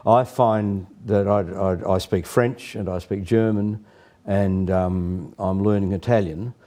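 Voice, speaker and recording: A man talks as a guest in a casual interview. His voice sits low and sounds mellow. He stumbles and repeats words as he gathers his thoughts. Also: fairly even intonation, slow. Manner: hesitant, repeats words, says mm often.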